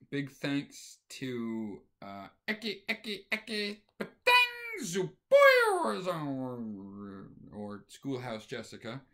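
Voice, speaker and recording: A man hosting a stitching video show, telling a story casually and chuckling along the way. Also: mid-range voice. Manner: animated, chuckles through the story.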